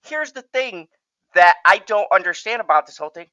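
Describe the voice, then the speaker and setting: A woman's voice: medium pitch, fairly quick, dry recording, highs cut off. A woman co-hosting a casual podcast chat, swearing freely and laughing often. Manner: profane, laughs often, animated. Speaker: podcast co-host.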